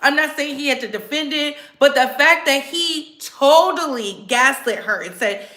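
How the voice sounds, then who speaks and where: Sassy, bright-voiced woman commentator. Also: high-pitched, moderate pace, few pauses, reverberant. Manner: sassy, animated, talks straight to viewers. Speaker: commentary channel host. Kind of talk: casual commentary.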